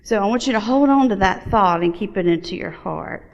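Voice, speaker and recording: A woman's voice: brisk, vocal fry. A woman giving a personal testimony as a guest speaker in church, telling her story and acting out the dialogue. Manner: storytelling, acts out dialogue with lively pitch jumps. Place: church sanctuary. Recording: dull sound with long hall reverb.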